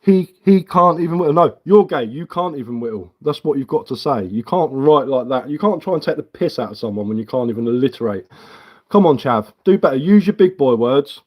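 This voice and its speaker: A man's voice: medium pitch, expressive, fairly quick, mellow. Sarcastic man on a live stream. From England. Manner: mocking, sarcastic, blunt. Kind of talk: live stream reading chat while carving.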